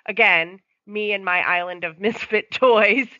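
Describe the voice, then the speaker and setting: A woman's voice: mid-range voice, unhurried, pushed and bright. A woman dog owner calling in and explaining her dog's problems at length in casual chat. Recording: dry, dull lo-fi sound.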